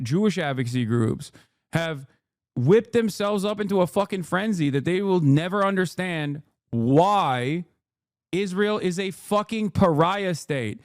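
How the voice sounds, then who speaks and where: A man's voice: sits high, no room sound, studio quality. A man giving heated, profane political commentary to his stream. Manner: heated, profane, shouting bursts.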